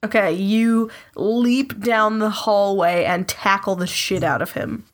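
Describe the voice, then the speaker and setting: A woman game master narrates a tabletop role-playing game at a mid pitch. She talks briskly and laughs often between lines. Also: steady tone.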